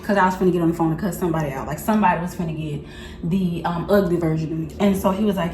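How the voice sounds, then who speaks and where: A young woman talks to her viewers in a chatty, slangy vlog, animated and often laughing. Her voice sits a little low. The room is echoey, with a faint hum behind her. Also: very fast. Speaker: vlogger. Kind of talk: casual storytelling to camera.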